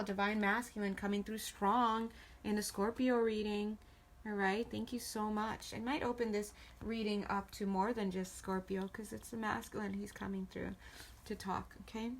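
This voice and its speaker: A woman giving a casual tarot reading to camera, chatty and playful and warmly encouraging toward her viewers. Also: mid-range voice, little pitch movement, normal speed. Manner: chatty and playful, giggles often. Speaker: tarot reader.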